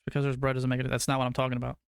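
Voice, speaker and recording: A young man streaming to his chat, rambling through food debates and cursing casually. His voice is smooth and clear, recorded dry and close on a desk mic. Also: medium pitch, completely flat delivery, very fast, dry recording. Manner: rambling, swears casually, argues food opinions.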